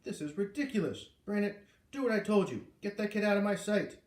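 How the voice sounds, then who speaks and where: A man's voice: high-pitched, expressive, fairly quick, a little mellow, voice pushed up. A man reading aloud, voicing a blustering, bullying corporate executive who hisses and snaps his threats, in a roomy recording. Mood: sneering. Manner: hissing, snapping, bullying. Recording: roomy echo.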